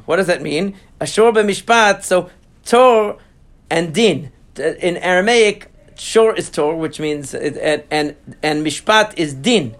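In a relaxed study session, a male Talmud teacher with a high voice reads Aramaic passages out loud before translating and explaining them. His explanations are halting, with many fillers and false starts.

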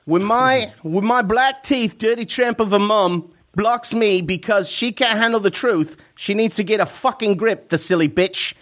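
Man doing a crude british teen boy in a sneering rant, bit higher and louder than his own voice. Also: moderate pace, hardly any pauses. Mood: contemptuous. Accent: put-on British. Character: foul-mouthed teen boy ranting about his mum.

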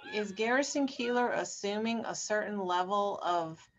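A woman's voice: mid-range voice, moderate pace. A woman co-hosting a podcast in casual chat, probing with questions. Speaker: podcast co-host.

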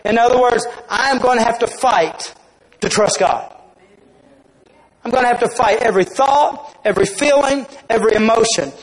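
High-voiced man preaching a sermon. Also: normal speed, rough recording. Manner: emphatic, storytelling. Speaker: pastor.

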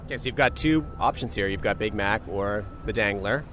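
Quiet-spoken male interview host. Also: fairly low pitch, fairly quick. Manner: friendly, plain questions, quiet. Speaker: podcast host. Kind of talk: interview hosting. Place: outdoors on a city street outside a club.

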